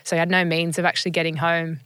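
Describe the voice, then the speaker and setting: Brief: woman, 30s, interview guest recounting her story earnestly; smooth, dry close sound. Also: on the low side, flat delivery, fast talker, a bit bright, no room sound. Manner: earnest, reflective, frequent ums.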